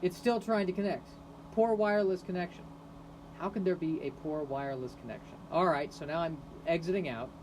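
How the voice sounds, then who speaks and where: A man hosting a rambling solo live stream on his phone, sarcastic and self-mocking, bursting into shouted rants. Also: high-pitched, slight background noise, poor audio. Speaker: podcast host streaming live.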